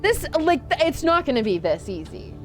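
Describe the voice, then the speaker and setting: A young adult woman streaming a video game, chatting casually and reacting out loud to the game and her chat. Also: high-pitched, sing-song, moderate pace, faint music behind. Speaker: VTuber streamer.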